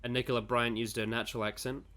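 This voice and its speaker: Brief: male co-host, casual and wry, mid-pitched plain voice. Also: little pitch movement, quick pace, sharp tone. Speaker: reaction video co-host. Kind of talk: casual reaction chat.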